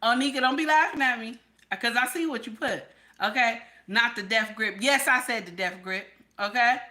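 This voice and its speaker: A woman hosts a livestream and talks straight to her chat. Her voice is bright and fairly high, and her delivery is blunt and candid. She keeps checking in with "okay?". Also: moderate pace. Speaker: livestream host.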